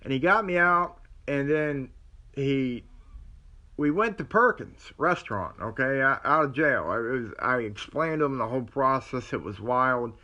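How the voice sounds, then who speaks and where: A man's voice: medium pitch, animated, normal speed, bright, forceful tone. A man, telling a personal story to camera in a rambling way, acting out what others said. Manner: rambling, with many restarts and quoted dialogue. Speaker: vlogger.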